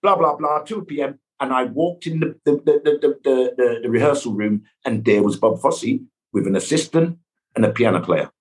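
A middle-aged man, a guest actor, telling anecdotes with lively sound effects and voices. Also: mid-range voice, moderate pace. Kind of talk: animated storytelling.

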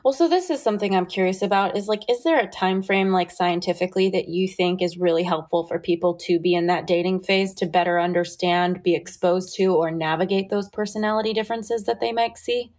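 A woman's voice: lowish voice, steady tone, fairly quick, few pauses, a little mellow. A woman hosting a casual interview. She asks curious questions and keeps the talk going with short replies. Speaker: podcast host.

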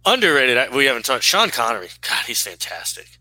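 A man's voice: mid-range voice, big pitch swings, fast talker, bright, forceful tone, poor audio. A man in his thirties, co-hosting a casual sports podcast, who rambles with lots of fillers and restarts. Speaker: podcast co-host.

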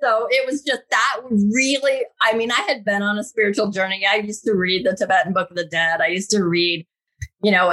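A woman in her thirties, a guest telling a personal spiritual story in an animated, casual way. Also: on the low side.

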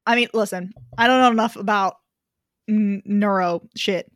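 A woman co-hosting a podcast, retelling a story in a profane, animated way with frequent laughs. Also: mid-range voice, normal speed, crowd noise. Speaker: podcast co-host. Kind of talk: casual chat.

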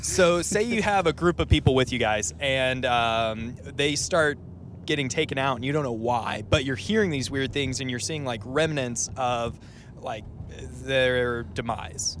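A man's voice: mid-range voice, measured pace, fairly bright tone, a little hiss or hum. A man hosting a casual group chat, laying out a scenario with many fillers. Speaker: host.

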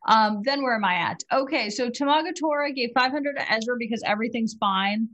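Woman, slightly high voice, casual stream player, brisk giggly reading. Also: a bit bright.

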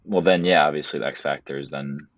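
Deep-voiced man on a dull, dry line. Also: steady tone, fast, fairly bright tone, dry recording. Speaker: podcast co-host. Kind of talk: casual sports chat.

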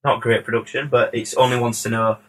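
A man, a music producer, tells a story in lively, casual chat, swearing freely and acting out what people said. His voice is bright and forward with a husky grain. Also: mid-range voice, brisk, rough recording. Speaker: music producer, podcast guest. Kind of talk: casual anecdote.

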